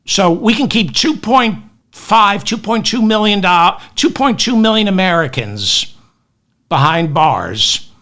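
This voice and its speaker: A man hosts a comic news podcast, delivering sardonic, exasperated rants into a webcam. His pitch is a little high and swoops in a lively way, and his tone is bright and sharp. He talks slowly and deliberately. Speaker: podcast host. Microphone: webcam with automatic tracking.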